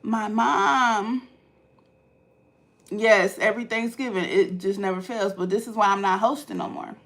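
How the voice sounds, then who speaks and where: A woman vlogger from Ohio, telling stories casually to her live chat and swinging from hushed asides to loud outbursts. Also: medium pitch, fairly even intonation, measured pace.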